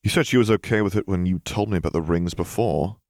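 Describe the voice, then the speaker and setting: A man's voice: low voice, fast, a little mellow, dry recording, clean studio sound. A man voicing a worried young man who keeps pressing with questions, read as part of an audiobook. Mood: concerned.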